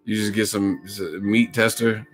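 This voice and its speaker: A man's voice: fairly low pitch, level tone, normal speed, fairly bright tone, soft background music. A man hosting a boxing livestream who talks casually, jokes, swears freely and laughs often. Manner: profane, joking, laughs a lot. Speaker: boxing YouTube host.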